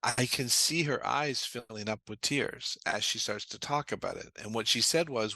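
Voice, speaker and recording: Bright, dry-voiced man explaining trauma therapy. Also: mid-range voice, normal speed, few pauses, no room sound. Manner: earnest, explanatory, tells anecdotes. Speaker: trauma therapist, interview guest. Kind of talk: conversational interview storytelling.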